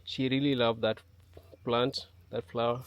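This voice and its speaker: A man talking casually to his camera in an outdoor yard, halting with many fillers. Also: mid-range voice, level tone, dull audio, a little hiss or hum. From Kenya. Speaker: vlogger. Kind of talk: casual vlog talk to camera.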